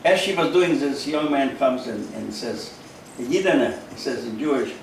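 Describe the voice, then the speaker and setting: A man, giving a halting personal testimony in an interview, full of fillers and repeats. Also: medium pitch, animated, a little hiss or hum. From Carpatho-Ruthenia, Eastern Europe. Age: 90s. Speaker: interview guest, Holocaust survivor. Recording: echoey room, mic at a distance.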